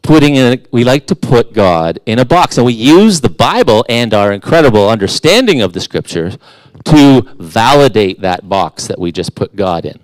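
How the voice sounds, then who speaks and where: A man's voice: mid-range voice, very animated, normal speed, no room sound. A middle-aged man preaching a conversational sermon as a guest in church, casual and self-deprecating, with playful asides.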